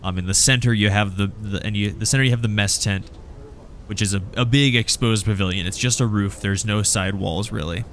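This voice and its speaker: A man narrating as game master of a tabletop role-playing game, halting and restarting often. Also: on the low side, a bit bright, a little hiss or hum.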